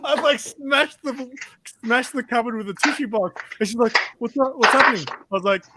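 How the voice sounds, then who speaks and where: A man's voice: extremely high pitch, moderate pace. This is a man talking in a casual group chat on a live stream. He swears freely and rambles through his story. The recording carries heavy noise behind his voice. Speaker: stream co-host. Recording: loud background noise.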